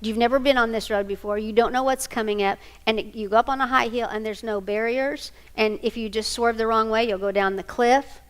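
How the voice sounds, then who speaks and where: A woman's voice: a little high, fairly quick, hardly any pauses, smooth. A middle-aged woman telling a family story to an audience, acting out the voices of the people in it. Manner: animated storyteller, acts out quoted voices. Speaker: speaker on single parenting. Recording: long hall reverb.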